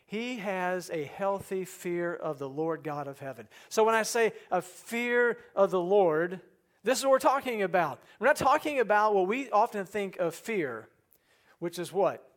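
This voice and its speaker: A man preaching a sermon in an earnest way, asking the listeners questions and dropping soft and low for quoted prayers. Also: animated, a little slow. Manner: asks the congregation rhetorical questions. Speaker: pastor.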